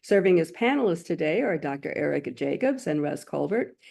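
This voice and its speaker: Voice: mid-range voice, sing-song, a little fast, creaky. A webinar host reading scripted announcements and speaker introductions in a formal, polished way. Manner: reads from a script, warm and formal.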